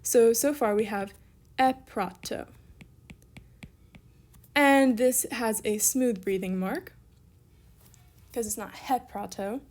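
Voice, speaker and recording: A young woman with a somewhat high voice teaches a recorded online lesson. She is upbeat and encouraging as she works through examples step by step. She catches her own slips with casual asides and keeps going. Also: a little slow, pauses often, a little mellow. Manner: self-correcting, casual asides. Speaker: Greek language teacher.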